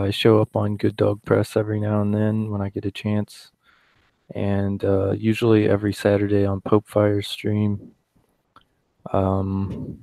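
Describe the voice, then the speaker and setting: A man on a casual livestream panel, talking in an unhurried, flat way. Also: on the low side, vocal fry, dry recording. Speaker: panel guest, artist.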